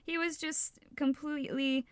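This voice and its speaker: A woman's voice: sits high, steady tone, unhurried, dry recording, studio quality. A woman co-hosting a casual podcast, talking frankly and with feeling, swearing freely and often restarting her sentences. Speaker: podcast co-host.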